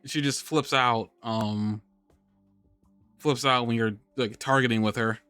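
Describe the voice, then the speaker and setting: A man's voice: mid-range voice, steady tone, unhurried, sharp tone, smooth, no echo, soft background music. A man hosting a live podcast, chatting casually and rambling, restarting his sentences and laughing often. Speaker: podcast host. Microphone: studio microphone on a live stream.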